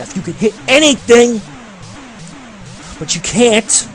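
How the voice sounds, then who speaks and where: A man ranting sarcastically over gameplay as a game reviewer, swearing constantly and sounding fed up. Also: high-pitched. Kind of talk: profane gameplay commentary rant.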